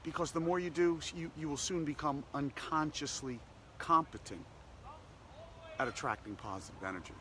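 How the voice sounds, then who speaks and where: Hosting a daily positivity practice, a man gives an upbeat, repetitive motivational self-help talk that keeps returning to short slogans. His voice is fairly high, bright, and forceful at a normal speed, with a little hiss or hum in the background.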